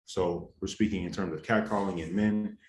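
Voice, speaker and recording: A man's voice: low-pitched, steady tone, normal speed, darkish tone, soft background music. A young adult man answering interview questions in an earnest, heated, casual way full of slang. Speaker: interview guest. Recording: roomy echo, faint ambience.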